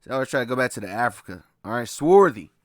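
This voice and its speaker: A man's voice: mid-range voice, big pitch swings, rapid-fire, no room sound, studio quality. A man giving a casual lecture from slides, loose and repetitive, often laughing and checking in with his listeners. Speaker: presenter walking through slides.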